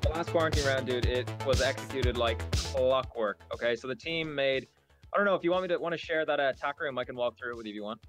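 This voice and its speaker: A man giving a casual post-match interview as the winning player, telling plays with excitement. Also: medium pitch, fast talker, faint music behind. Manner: excited, breathless storytelling.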